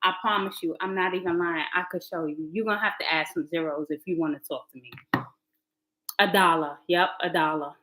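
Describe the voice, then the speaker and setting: Casual woman livestream host, animated, laughing, talks straight to chat. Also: fairly low pitch, brisk, low-quality recording. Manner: chatty, laughing, animated asides to viewers. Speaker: livestream host, tarot reader.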